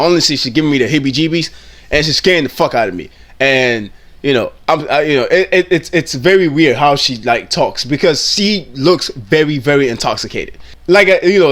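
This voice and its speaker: A man's voice: mid-range voice, a bit bright. A man giving blunt, indignant reaction commentary, swearing freely and often repeating himself mid-sentence. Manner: repeats and restarts phrases often.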